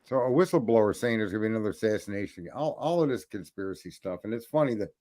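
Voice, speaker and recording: A man's voice: fairly low pitch, lively intonation, racing, warm tone. A man co-hosting a casual political chat, rambling, swearing often and restarting his sentences. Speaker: podcast co-host.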